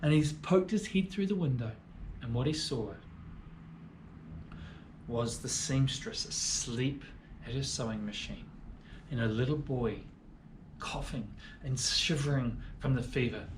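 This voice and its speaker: A man reading a story to children, swinging between loud and hushed lines. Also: mid-range voice, unhurried, pauses often, slight background noise. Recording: echoey room.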